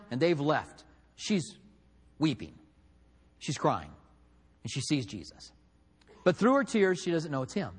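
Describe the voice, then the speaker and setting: A man preaching a sermon, telling a story with acted-out quotes and swinging between loud and hushed delivery. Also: high-pitched, in a large hall. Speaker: pastor.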